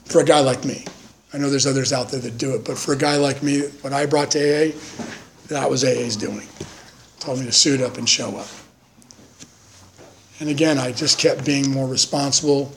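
A man's voice: medium pitch, steady tone, moderate pace, long pauses, slight background noise, poor audio. A man in his fifties giving an earnest personal testimony at a recovery meeting, acting out the voices of the people in his stories. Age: 50s. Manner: earnest storytelling, acts out quoted voices.

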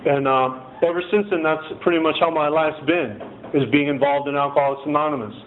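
A man's voice: on the high side, steady tone, brisk. A man telling his personal recovery story in a casual, rambling way, often adding "man" and "you know". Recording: tinny phone-like lo-fi audio with faint noise.

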